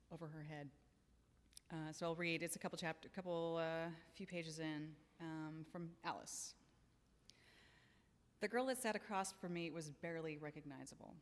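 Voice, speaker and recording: A woman's voice: low voice, in a large hall. A woman author at a library event, introducing her story with hesitant fillers, then reading it steadily. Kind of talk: live fiction reading with introduction.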